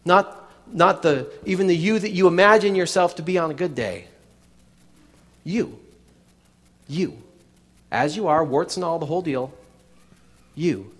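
A man's voice: a little high, unhurried, long pauses, in a large hall. A man preaching a sermon in a chatty way, with many restarts and asides to the congregation. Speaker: pastor.

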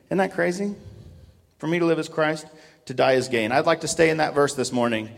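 A man preaching a sermon with a fairly high voice. His delivery swings from calm teaching into loud, shouted bursts of drill cadence. The sound carries a long reverb from the church hall. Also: fairly quick, gravelly. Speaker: pastor. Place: church sanctuary.

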